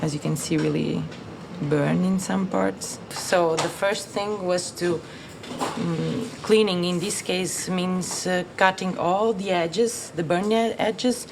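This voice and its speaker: Gravelly woman in a noisy lab. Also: on the low side, steady tone, takes it slowly. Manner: careful, with frequent fillers. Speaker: film restoration technician. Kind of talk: explaining to camera.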